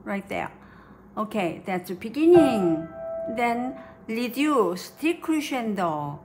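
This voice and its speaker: A woman's voice: fairly high pitch, big pitch swings, slow pace. A woman giving a piano lesson, counting beats and singing rhythms aloud as she teaches. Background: piano playing.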